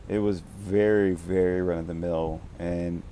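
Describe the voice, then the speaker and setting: A man co-hosting a casual film chat, talking haltingly and searching for words with many fillers. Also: sits low, fairly even intonation, mellow, a little hiss or hum. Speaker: podcast co-host reviewing a film.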